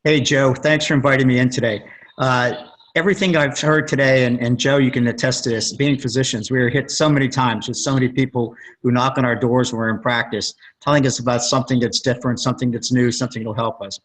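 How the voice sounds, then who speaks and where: Husky-voiced guy on a call, rambling stories, doing other people's lines. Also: medium pitch, steady tone, quick pace, rough recording. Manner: rambling storyteller, acts out quotes. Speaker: plastic surgeon guest. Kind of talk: conference call testimonial.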